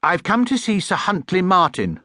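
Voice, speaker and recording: A man voicing a small, polite, earnest young male bear in an audiobook, speaking high and eagerly, quick to indignation. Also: wildly swooping pitch, pushed and bright, dry recording, studio quality, full character voice.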